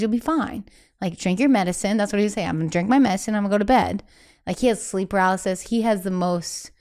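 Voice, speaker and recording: A young woman as a podcast guest, candidly telling a personal story in quick, emphatic bursts with quoted asides. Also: medium pitch, darkish tone, smooth. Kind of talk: candid conversational interview.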